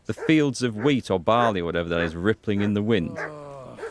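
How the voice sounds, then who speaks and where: A man's voice: lowish voice, lively intonation, fairly quick, crowd noise. A man hosting a gaming playthrough, chatting, joking and thinking aloud. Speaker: gaming host. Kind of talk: let's play commentary.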